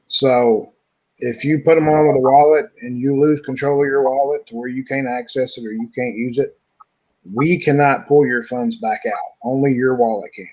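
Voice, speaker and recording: A man's voice: mid-range voice, fairly even intonation, moderate pace, a little mellow, poor audio. A man from a trading platform's team answering questions in a live online Q&A, speaking loosely and often repeating himself.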